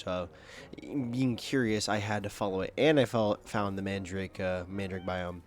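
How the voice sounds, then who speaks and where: A man's voice: low-pitched, steady tone, moderate pace, faint music behind. A young man giving casual, rambling gameplay commentary at home, swearing often and full of fillers and restarts. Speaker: gaming video creator. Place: home, at his computer.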